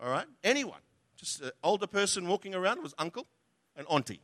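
A man's voice: sits high, big pitch swings, a little fast, a bit bright. A man preaching a sermon in a conversational, humorous way, often asking the audience questions. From from outside Australia.

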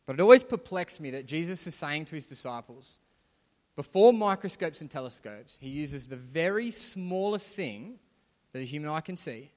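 Male pastor, conversational sermon that swells to emphasis, a touch high, long hall reverb. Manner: conversational preaching, rising to emphatic. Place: church hall.

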